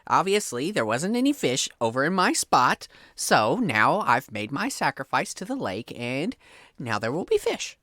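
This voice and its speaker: A man's voice: fairly high pitch, very animated, unhurried, bright, forceful tone, no room sound, studio quality, exaggerated voice. A man voicing an indignant fisherman in a tabletop game who stammers as he defends his sacrifice to the lake.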